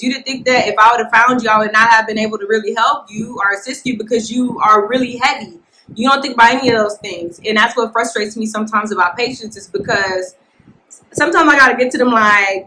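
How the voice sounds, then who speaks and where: Woman podcast host, casual storytelling, blunt and animated, bright forceful voice. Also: a little high, fast, rough recording. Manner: animated, blunt, talks to listeners as y'all. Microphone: podcast mic, filmed for video.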